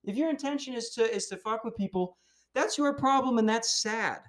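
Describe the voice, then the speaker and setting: A man hosting a podcast, ranting casually in a heated, profane, animated way. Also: very high-pitched, moderate pace. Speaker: podcast host.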